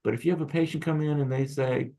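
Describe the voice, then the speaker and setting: A man's voice: fairly high pitch, fairly even intonation, fast talker, gravelly, dark tone. A man teaching acupuncture students in a casual, rambling lecture full of restarts and asides. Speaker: acupuncture instructor. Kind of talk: recorded lecture.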